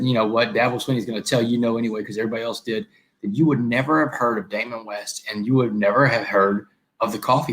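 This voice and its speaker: A middle-aged man from Texas, telling stories as a guest in an interview, often adding "man" and acting out dialogue. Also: mid-range voice. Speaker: guest, motivational speaker. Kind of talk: animated storytelling in an interview.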